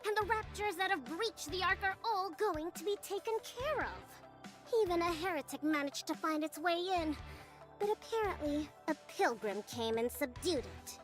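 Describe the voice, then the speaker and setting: A woman's voice: very high-pitched, expressive, normal speed. A woman voicing an indignant, dismissive young official in a game. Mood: scornful. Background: game music.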